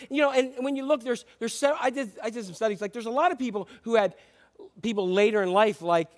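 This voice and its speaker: High-voiced man preaching conversationally. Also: quick pace. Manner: conversational preaching with asides and restarts. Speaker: pastor. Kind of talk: sermon.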